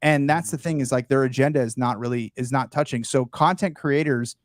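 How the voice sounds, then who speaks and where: A young man of Palestinian heritage, a guest creator, talks in a casual panel chat, animated and profane. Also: medium pitch, fairly quick, no room sound, studio quality.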